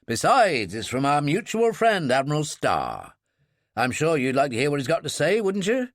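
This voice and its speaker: A man voicing a grim, reluctant older admiral who speaks in a measured, dry way. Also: on the high side, wildly swooping pitch, no echo.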